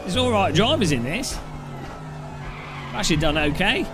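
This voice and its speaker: A British man chatting his way through a sim race, his voice sitting a little higher than most men's. He rambles, jokes and slips into silly travel stories, with faint music playing softly behind him. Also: sing-song, normal speed. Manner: chatty, joking, rambling anecdotes. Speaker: sim racing streamer. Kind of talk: casual gameplay commentary.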